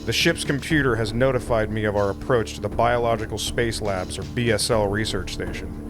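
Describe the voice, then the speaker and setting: A man voicing a terse female bounty hunter, reading the game's narration in a plain, steady way over game music. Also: fairly low pitch, fairly quick, voice pushed down, lightly acted. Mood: reflective. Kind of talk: reading game dialogue aloud.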